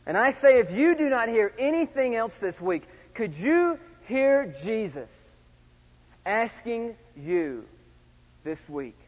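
A middle-aged man preaching a sermon, swinging from loud shouts to hushed, intimate tones. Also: extremely high pitch, very animated, slow, breathy edge. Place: large church sanctuary. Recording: dull sound with long hall reverb.

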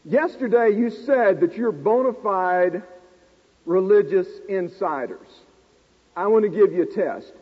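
Husky high-voiced preacher in echoing hall. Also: male voice, measured pace. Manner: animated, self-deprecating storyteller talking to a live audience. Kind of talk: sermon with personal storytelling. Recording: tinny lo-fi recording in a reverberant hall.

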